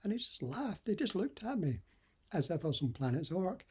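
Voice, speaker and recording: A man's voice: high voice, very animated, fairly quick, dark tone, husky. A middle-aged man from the west coast of Scotland, giving earnest, conversational dating advice as a coach. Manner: earnest, conversational, acts out example dialogue. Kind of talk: motivational advice talk.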